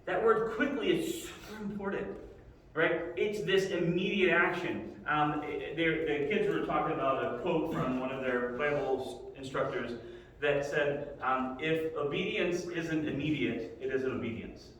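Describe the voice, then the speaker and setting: A man's voice: a little high, steady tone, a little slow, a bit bright, a little hiss or hum. A middle-aged man teaching a casual Bible lesson in a conversational way, often asking "right?" as he talks. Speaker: Sunday school teacher. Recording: echoey hall, mic far off.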